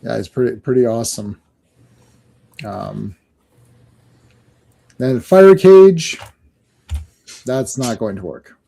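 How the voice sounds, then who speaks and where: Comic podcast co-host, male, warm and relaxed tone, playful, slips into silly voices. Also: medium pitch, slow, vocal fry, long pauses. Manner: joking, acts out comic panels in silly voices. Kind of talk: casual comic book chat.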